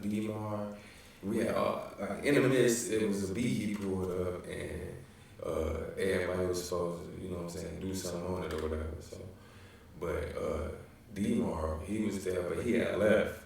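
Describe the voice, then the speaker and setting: Young Chicago man, deep and gravelly, rambling slangy storyteller, recorded far from the mic in a very echoey room. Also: fairly even intonation, normal speed, darkish tone, a little hiss or hum. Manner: loose, rambling, slangy, with many fillers. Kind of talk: casual storytelling.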